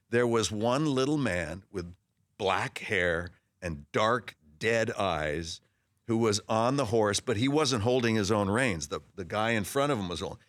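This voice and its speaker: A man in his sixties, a guest telling stories in a casual interview, lively and animated, acting out voices in his anecdotes with frequent restarts. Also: fairly low pitch, dry recording, studio quality. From Los Angeles area. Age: 60s. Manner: frequent restarts and repeated words. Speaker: actor guest.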